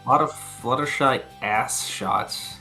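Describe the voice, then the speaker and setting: A man's voice: mid-range voice, takes it slowly, vocal fry, over loud music. A man co-hosting a podcast, chatting casually and rambling through episode recaps, swearing freely and laughing often. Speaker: podcast co-host.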